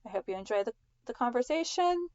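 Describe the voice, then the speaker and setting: A woman's voice: a little high, lively intonation, fast talker, a little mellow, dry recording, highs cut off. A woman hosting a podcast in a casual, rambling way, with a slight lisp. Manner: chatty, rambling with restarts and small laughs. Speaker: podcast host.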